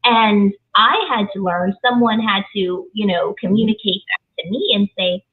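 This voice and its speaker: A woman's voice: mid-range voice, steady tone, moderate pace. A woman hosting a conversation, affirming her guest often and sharing her own reflections in a casual way. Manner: affirming, frequent yeses, reflective. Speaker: host. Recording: tinny phone-like line.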